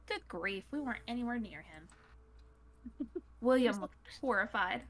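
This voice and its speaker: A woman's voice: fairly high pitch, expressive, unhurried. A woman reading a visual novel aloud to friends. She narrates playfully and breaks off to joke.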